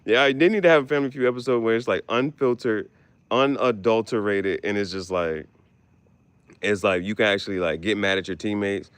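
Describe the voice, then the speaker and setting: A man hosting a casual podcast chat, animated and profane, often jumping into squeaky exclamations. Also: brisk, smooth, dry recording. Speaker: podcast host.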